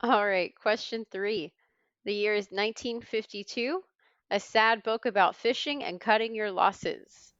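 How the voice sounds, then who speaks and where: A woman's voice: medium pitch, a little slow, a bit bright, clean tone, dry recording, dull audio. A woman hosting a trivia podcast, reading clues with a wry tone. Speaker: quiz host.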